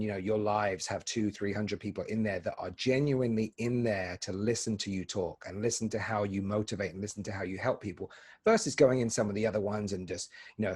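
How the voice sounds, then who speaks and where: Brief: earnest male host, lower pitch, a bit husky, talks in long rambling runs. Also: darkish tone. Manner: earnest, rambling, repeats words. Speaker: podcast host. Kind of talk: casual interview chat.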